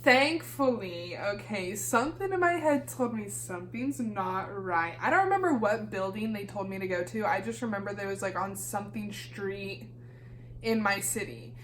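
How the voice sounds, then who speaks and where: A young woman from Kansas telling a storytime vlog in a lively, casual way, swearing freely and acting out the dialogue. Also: medium pitch, moderate pace, slight background noise. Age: young adult. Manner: animated, swears freely, acts out quoted dialogue. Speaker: YouTuber.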